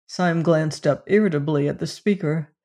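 An adult narrator giving a measured, even reading of a period novel. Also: mid-range voice. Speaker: audiobook narrator.

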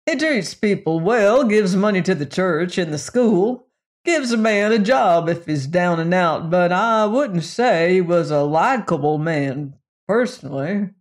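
A man's voice: sits high, lively intonation, unhurried. A man voicing a plainspoken old western sheriff with a rural drawl. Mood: folksy storytelling.

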